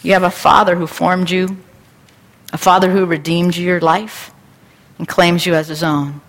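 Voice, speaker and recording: A woman's voice: on the low side, flat delivery, measured pace, long reverb tail. A woman pastor preaching a sermon with an earnest, repetitive cadence.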